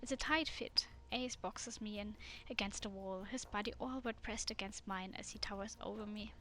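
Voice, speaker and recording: A woman streamer reading a dating game aloud in a soft, immersive way. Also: mid-range voice, moderate pace, slight background noise.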